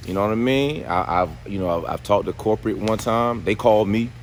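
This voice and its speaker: A man's voice: fairly quick, a little hiss or hum. Easygoing man calling out "man" constantly. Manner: drawling, repeats "man" after nearly every phrase; swings from low mutters to excited high exclaims. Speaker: car vlogger. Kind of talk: casual vlog talk to viewers. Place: car dealership service area, then in a car.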